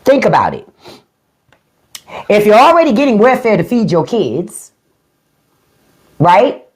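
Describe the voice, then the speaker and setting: Livestream host, unfiltered rant, profane, mocking, very lively pitch. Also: a little slow. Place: livestream at home.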